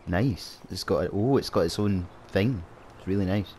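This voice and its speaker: Deep-voiced man muttering dry game commentary. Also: moderate pace, a little mellow, slight background noise. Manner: dry sarcastic muttering to a teammate. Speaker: gaming channel host. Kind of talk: casual gameplay commentary.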